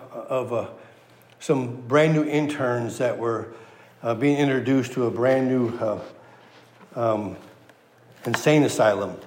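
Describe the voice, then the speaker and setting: A man's voice: mid-range voice, roomy sound, slight background noise. A man preaching a sermon in a folksy way, repeating phrases for emphasis and letting the ends of his phrases trail off. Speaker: pastor. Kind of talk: sermon with a joke.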